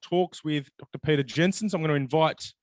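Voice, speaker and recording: A man hosting a city lunchtime meeting, friendly and a little halting, who also reads a Bible passage aloud on a handheld mic. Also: fairly high pitch, no room sound. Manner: friendly, a bit halting with fillers. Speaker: event host. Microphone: shared handheld mic.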